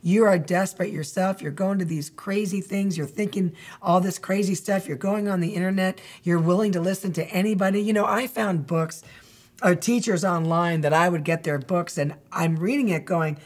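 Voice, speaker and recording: A woman's voice: lowish voice, steady tone, moderate pace, darkish tone. A middle-aged woman giving a candid, rambling testimony in an interview, often laughing as she talks. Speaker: guest.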